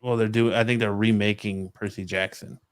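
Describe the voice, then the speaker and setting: A man joining a casual podcast chat with quick, self-mocking jokes and short interjections. His voice sits a little low. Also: level tone, clean tone.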